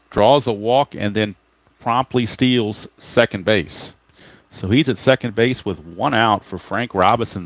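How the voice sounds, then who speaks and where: A man's voice: fairly low pitch, fairly bright tone. A man giving casual play-by-play of a tabletop baseball game, explaining each roll and chatting to viewers by name.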